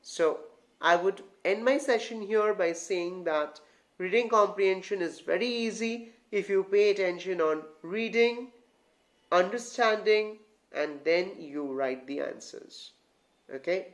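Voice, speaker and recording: Tutor voice for a reading lesson: mid-pitched, talks straight to the learners, repeats phrases, checks in with the viewers often. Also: slow pace. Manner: repeats and restarts phrases while explaining; addresses learners as guys. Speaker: English tutor. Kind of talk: online grammar lesson.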